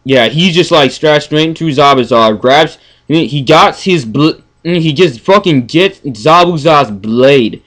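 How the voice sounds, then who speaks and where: A man with a somewhat high voice rants through a casual review. He swears freely, stammers over his words, and swings from low mumbling to loud, exasperated yelling. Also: expressive, takes it slowly, hardly any pauses. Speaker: anime reviewer.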